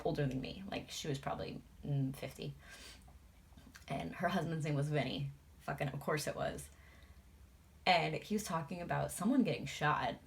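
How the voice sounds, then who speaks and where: A woman's voice: deep voice, gravelly. A young adult woman, a beauty vlogger, chatting casually and swearing freely while doing her makeup.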